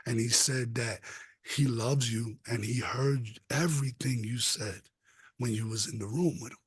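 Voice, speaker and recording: A man's voice: medium pitch, measured pace, breathy edge, no room sound. A man on a podcast telling a personal story in an earnest, emphatic, casual way. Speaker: podcast guest.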